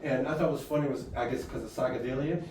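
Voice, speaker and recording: A man's voice: medium pitch, fast talker, darkish tone. A man, telling long rambling stories as a guest and laughing often. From Houston, Texas. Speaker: guest musician. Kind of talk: storytelling in conversation. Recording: echoey room, far from mic, faint noise.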